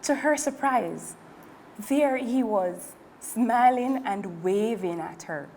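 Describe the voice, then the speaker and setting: Woman reading to kids, slow, lively pitch, fairly high voice. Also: slight background noise. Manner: slow and expressive. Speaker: storyteller. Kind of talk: reading a picture book to children.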